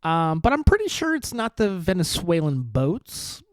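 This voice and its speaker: A man's voice: high voice, huge pitch swings, measured pace, dry recording. A man hosting a podcast, ranting in a rambling, sarcastic and profane way, full of rhetorical questions and repeated phrases. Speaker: podcast host. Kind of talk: casual political rant.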